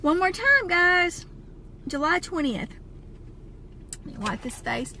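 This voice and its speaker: A woman's voice: very high voice, big pitch swings, normal speed, sharp tone. A woman with a Southern US accent, talking to camera with candid, plainspoken chat from inside a car. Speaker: vlogger. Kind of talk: casual talk to camera. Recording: clear car road noise.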